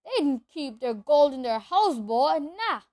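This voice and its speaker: A woman doing Hagrid, a loud hearty giant. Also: high voice, lively intonation, a little slow, dry recording. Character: huge friendly bearded giant man, gruff. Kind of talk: audiobook character voice.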